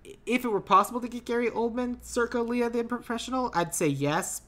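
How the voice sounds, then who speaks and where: A woman's voice: a little high, a little fast, a bit bright. A woman co-hosting a casual podcast, rambling and playful, with lots of "like" fillers. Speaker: podcast co-host.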